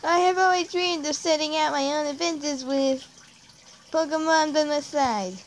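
Casting: woman voicing a keen boy adventurer, higher voice, faint hiss behind. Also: moderate pace, natural voice. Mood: eager. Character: eager boy hero setting out on adventure.

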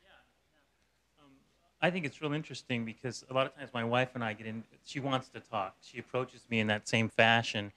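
A man's voice: mid-range voice, steady tone, a little fast, bright, forceful tone, no echo. A man in a studio audience, answering the host eagerly with some stumbling restarts. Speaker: audience member.

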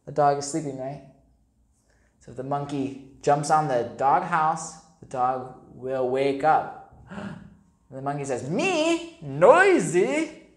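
A female English teacher reads a picture book aloud to young children, slowly and with animation, explaining words and adding sound effects. Her voice is very deep, and the room is echoey.

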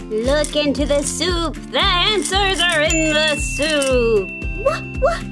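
A woman's voice: sits high, sing-song, takes it slowly, over music, heavily acted. A woman doing giddy cartoon kids. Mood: excited. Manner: giddy, exclaiming.

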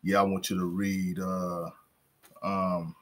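A man in a casual Bible discussion with his wife, speaking haltingly with many fillers. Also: sits low, level tone, a bit bright, a little hiss or hum. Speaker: co-host, husband.

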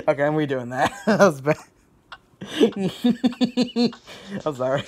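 A young man giving casual let's-play commentary, excitable, laughing a lot and swearing. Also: fairly high pitch, moderate pace, a little hiss or hum. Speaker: gaming YouTuber.

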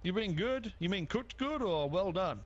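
A man's voice: sits high, lively intonation, moderate pace, dry recording, dull audio. A man playing a jokey taxi passenger in an online game role-play, repeating himself as he gives directions.

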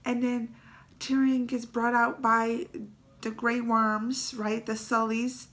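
A woman hosting a casual reaction video, retelling a story in an excitable, emotional way with dialect phrases and a creaky, teary edge. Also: fairly high pitch, slow pace. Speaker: YouTube reaction host.

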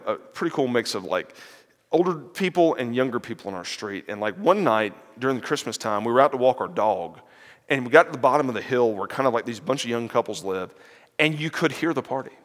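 A man's voice: medium pitch, brisk. Man preaching in a reverberant hall. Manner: animated, acts out the parable's characters in quoted voices; frequent fillers and restarts. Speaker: lecturer. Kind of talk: sermon-style lecture on a parable.

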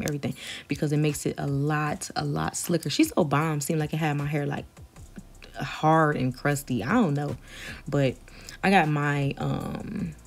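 A brash young woman from Detroit, chatty and profane, telling a storytime while styling a wig. Her voice sits low for a woman. She keeps calling out to her viewers as y'all. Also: creaky, a little mellow. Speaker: hairstylist vlogger. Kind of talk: casual storytime while doing a wig tutorial.

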